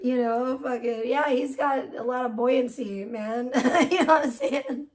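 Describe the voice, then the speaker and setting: Woman, high voice, livestreamer, profane casual rant, laughing, mocking. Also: unhurried.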